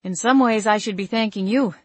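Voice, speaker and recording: Brief: woman reading as a clipped, matter-of-fact female agent, a bit loud and bright, dry close sound. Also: medium pitch, fairly quick, husky, no room sound, pitched above the performer's own voice, close to an everyday voice. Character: brisk no-nonsense female federal agent.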